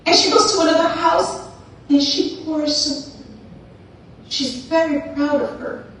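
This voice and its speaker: A woman's voice: sits high, fairly even intonation, a little slow, slight background noise. A woman giving a playful motivational talk, telling a story and acting out its characters for the crowd. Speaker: speaker. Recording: echoey hall, far from mic.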